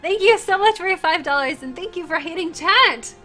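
A woman's voice: very high-pitched, animated, normal speed, pushed and bright, soft background music. A woman streamer, tearful and crying, gushing and apologetic as she thanks viewers during a live stream.

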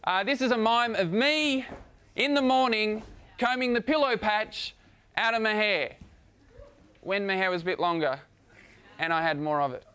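A young Australian man doing a stand-up routine on stage, with dry, deadpan jokes. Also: sits high, normal speed, long pauses, clean tone. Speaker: stand-up comedian. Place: comedy stage before a live crowd.

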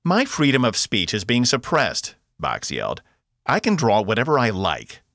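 A man voicing a loud, defiant male robot in an audiobook, shouting back at a guard. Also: deep voice, huge pitch swings, normal speed, creaky, dry recording, clean studio sound, heavily acted. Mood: taunting.

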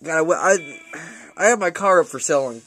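A man's voice: on the high side, expressive, brisk, fairly bright tone, soft background music. A young man ranting casually and profanely while playing a shooter game, rambling and laughing often.

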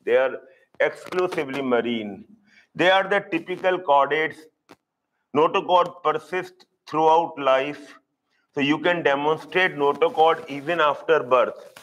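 A middle-aged man gives a live online zoology lecture at a very slow, deliberate pace. He says each key term two or three times and keeps checking that his students are following. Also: fairly high pitch, fairly bright tone, low-quality recording. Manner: slow, repeats key terms, asks students if they follow. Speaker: zoology teacher.

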